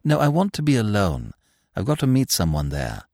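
A man voicing a kind-hearted young woman who is brisk and a little exasperated, in an audiobook reading. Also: lowish voice, huge pitch swings, a little mellow, dry recording, clean studio sound, full character voice.

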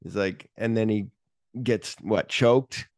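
Animated male podcast host, dry sound. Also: fairly low pitch, slow, dry recording. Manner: animated retelling, acting out movie lines. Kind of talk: casual movie discussion.

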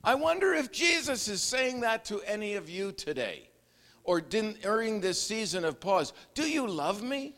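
A man preaching with fervor and breaking into relaxed, joking asides. His voice runs high and swings widely, with an unhurried delivery. A long reverb hangs behind him, as if in a large hall. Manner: fervent, then chatty and self-deprecating. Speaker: pastor. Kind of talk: sermon.

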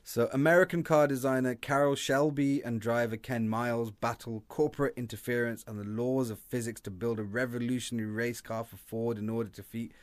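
A man co-hosting a film chat, animated and joking, with a voice that jumps up when he gets excited. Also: no room sound. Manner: animated and joking, quick pitch jumps, laughs often. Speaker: podcast co-host reviewing films. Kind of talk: casual chat.

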